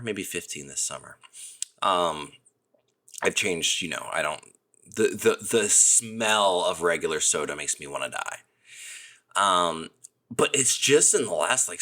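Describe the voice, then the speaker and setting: Animated, joking man hosting. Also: sits low. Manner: animated, joking, self-deprecating. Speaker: podcast host. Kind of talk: casual solo podcast chat.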